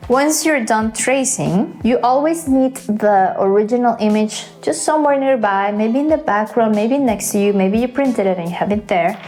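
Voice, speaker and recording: A woman's voice: on the high side, normal speed, hardly any pauses, darkish tone, soft background music. A woman hosting a casual drawing tutorial, chatty and playful, with self-mocking asides. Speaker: art tutorial host.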